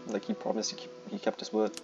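A man's voice: fast, dull audio, over music. A man giving casual gameplay commentary, often exclaiming in frustration at the game.

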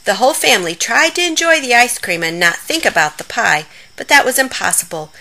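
Woman storyteller for a children's read-aloud; bright, lively, expressive. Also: on the high side, a little fast, low-quality recording. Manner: expressive, animated reading.

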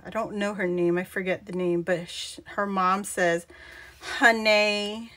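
A woman's voice: fairly low pitch, flat delivery, normal speed, fairly bright tone. A woman hosting a live craft stream, chatting casually, laughing often and greeting viewers by name. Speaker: crafting channel host.

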